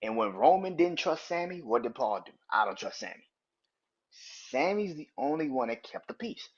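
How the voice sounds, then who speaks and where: Animated podcast host, husky man. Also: a little high, highs cut off. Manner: animated, profane, talks in quick rambling restarts. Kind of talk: casual wrestling review podcast.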